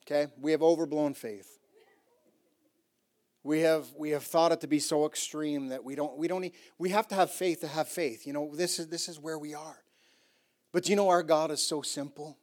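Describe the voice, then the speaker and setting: A middle-aged man pastor telling a story in a sermon, animated and rising to loud emphatic bursts, often repeating and restarting phrases. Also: on the high side, fairly quick.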